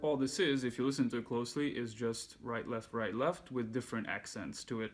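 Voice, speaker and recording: Male music teacher, mid-pitched, easygoing, patient instructor tone, faint instrument underneath. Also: fairly quick. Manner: relaxed, patient explaining, counts beats aloud while playing. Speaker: handpan teacher. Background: handpan music.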